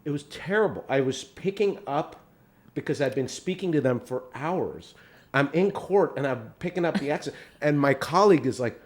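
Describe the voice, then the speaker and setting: A man's voice: a little high, expressive, normal speed. Easygoing man, Farsi native speaker. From Iran. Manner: easygoing, restarts and trails off while thinking. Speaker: podcast co-host, lawyer. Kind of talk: casual conversation.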